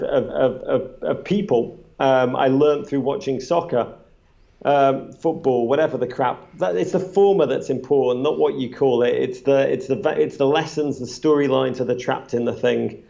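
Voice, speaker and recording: Gravelly man telling stories on a panel. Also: mid-range voice, fairly even intonation, moderate pace, mellow, muffled recording. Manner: chatty, many restarts, acts out quotes with a raised voice. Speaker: podcast creator on a live panel. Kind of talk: animated storytelling at a live event. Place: small event space before a live audience.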